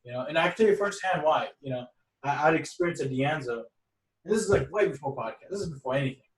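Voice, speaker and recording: A man's voice: fairly high pitch, lively intonation, fast. Roomy, distant man telling a rambling story. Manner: rambling storyteller with many restarts and quoted dialogue. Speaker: podcast guest. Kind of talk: casual podcast conversation.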